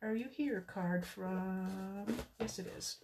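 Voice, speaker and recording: A woman's voice: medium pitch, takes it slowly, background noise. A middle-aged woman chatting with viewers while demonstrating card making on a live stream, with muttered asides to herself.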